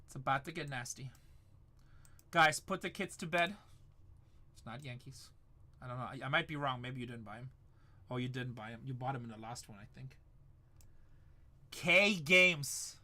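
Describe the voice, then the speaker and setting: A man's voice: sits high, expressive, normal speed, long pauses. A middle-aged man hosting a live card break, hyping up the chat and repeating his calls. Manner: hyped, shouts up to the chat, repeats lines.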